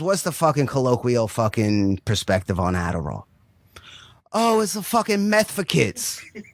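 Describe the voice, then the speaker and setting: A man's voice: medium pitch, a bit bright, no room sound. A man telling a long, crude comic story, rambling and profane, checking in with "right?" again and again.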